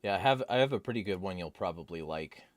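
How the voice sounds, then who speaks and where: A man's voice: deep voice, lively intonation, fast talker, dry recording. A young man hosting a livestream, reading chat comments and answering them in a rambling, wry way.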